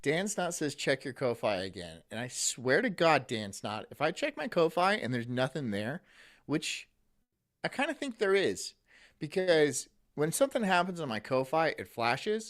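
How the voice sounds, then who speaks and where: A male streamer hosting a live stream, reading chat, mocking and laughing between loud rants and muttered asides. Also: fairly high pitch, sing-song, a little fast. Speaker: streamer host.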